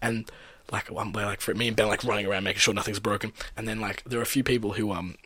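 A man's voice: fairly low pitch, steady tone, fast, sharp tone, breathy edge, dry recording. A man casually telling a party story, acting out the lines of others with lots of laughing. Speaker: storyteller guest. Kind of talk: casual chat.

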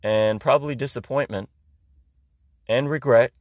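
A young man from Iran, his first tongue, hosts a podcast with a loose, ranting comic monologue. He talks sarcastically and swears freely, his pitch sitting in the middle range. The sound is dry and close with no room echo. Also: measured pace. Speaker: podcast host. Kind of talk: casual comedic monologue.

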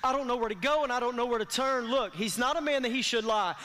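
A man's voice: extremely high pitch, quick pace, bright, forceful tone. A man preaching a sermon as pastor, calling out to his congregation for responses. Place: church sanctuary. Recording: long reverb of a large hall.

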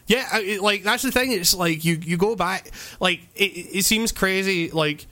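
Podcast host, male, bright upper-leaning voice, loose rambling delivery full of fillers and cursing. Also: sits high, moderate pace. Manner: rambling, lots of fillers and swearing; animated, laughing. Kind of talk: casual chat.

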